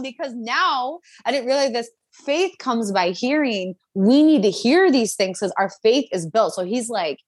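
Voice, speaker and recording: A young woman telling her personal faith testimony in an interview, animated and full of fillers, acting out what others said. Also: a little high, moderate pace, few pauses, breathy edge, no echo. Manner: animated storytelling, acts out quotes, many fillers. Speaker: guest.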